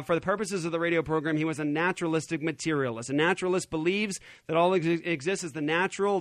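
A man hosting a radio talk show in a studio, arguing in an animated, emphatic way. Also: high-pitched, dry recording. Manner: animated, emphatic, laughs often. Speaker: radio host.

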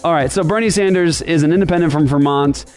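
Man, talk show host, rambling, sarcastic, slightly high voice, faint music behind. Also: fast, darkish tone. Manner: rambling, repeats himself, sarcastic jokes. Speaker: podcast host. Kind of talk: casual ministry talk show.

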